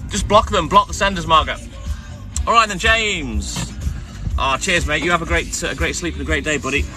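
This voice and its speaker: A man chatting live from his milk round, reading out viewer comments and giving friendly shout-outs by name. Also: fairly high pitch, quick pace, music in the background. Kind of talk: casual live-stream chat reading out comments.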